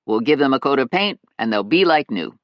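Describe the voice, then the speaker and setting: A practical middle-aged handyman who talks plainly and lower than the narration, as an audiobook narrator puts him on. The recording is dry and close. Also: lively intonation, brisk, dry recording, muffled recording, lightly acted. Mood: matter-of-fact. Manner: plain, matter-of-fact.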